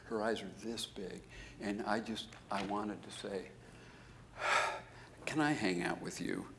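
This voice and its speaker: A man, a business school professor, giving a conference keynote as an animated storyteller who jumps into high, emphatic bursts. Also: slow, noisy background.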